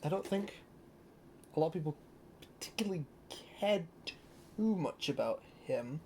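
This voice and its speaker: A young adult from Britain, a toy collector chatting casually through a show-and-tell, excitable and rambling with lots of fillers. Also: mid-range voice, measured pace, slight background noise.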